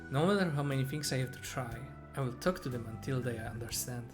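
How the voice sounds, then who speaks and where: A man's voice: mid-range voice, fast, lightly acted. A man reading aloud the lines of an earnest, remorseful young female fortune teller from a game, in his own plain voice, with game music playing behind.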